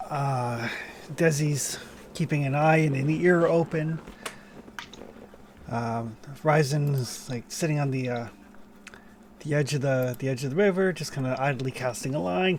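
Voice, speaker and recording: A man's voice: on the high side, a little hiss or hum. A man narrating a tabletop role-playing game as game master, in a loose, rambling way full of fillers.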